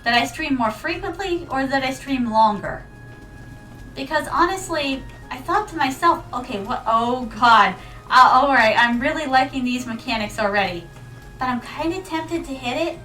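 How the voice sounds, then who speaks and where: A woman's voice: high-pitched, expressive, a little slow, sharp tone, distant mic, rough recording. A woman streaming a video game, chatting playfully with her viewers, with giggles and dramatic yelps. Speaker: VTuber streamer. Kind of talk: casual gaming stream chat. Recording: mic set back, faint music behind.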